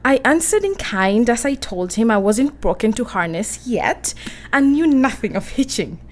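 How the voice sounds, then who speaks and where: A woman playing a young English lady in a radio play, girlish and breathless, her voice sitting a touch high. She sounds easily flustered and quick to feel. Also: sing-song. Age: young adult.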